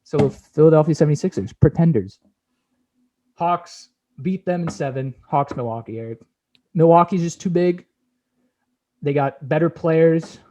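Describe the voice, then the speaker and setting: A man's voice: fairly high pitch, normal speed, pauses often, mellow. A young man co-hosting a sports podcast, brash and opinionated, casually swearing as he talks playoff picks.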